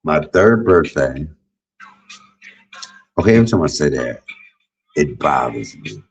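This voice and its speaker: A man's voice: rumbling low, sing-song, a little slow, muffled recording, faint music behind. A man in his fifties telling blunt, profane stories in a candid livestream monologue. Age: 50s. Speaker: livestream host.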